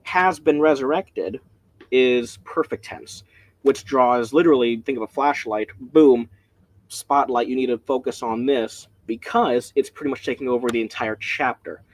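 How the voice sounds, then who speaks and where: A man leading a casual Bible study, rambling and excitable, often breaking off mid-sentence, speaking from home. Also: mid-range voice, normal speed. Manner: rambling, excitable, self-interrupting.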